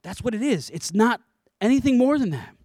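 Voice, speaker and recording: A man preaching a sermon in an animated, conversational way, with playful asides. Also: very high voice, fairly quick, no echo, studio quality. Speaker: pastor.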